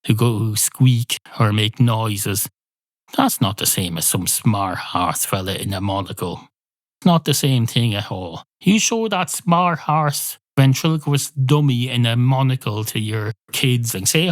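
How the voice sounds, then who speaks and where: A man's voice: medium pitch, expressive, measured pace, dry recording. A man hosting a solo comedy podcast, rambling through sweary, mock-indignant asides. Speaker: podcast host.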